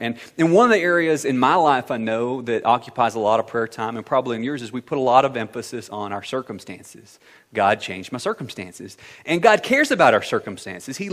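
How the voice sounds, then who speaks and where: A male pastor delivers a sermon in a relaxed, storytelling way, often pausing with fillers and restarting his sentences. His voice sits at a medium pitch. The sound carries the long reverb of a large church hall. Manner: conversational, anecdotal, many fillers and restarts.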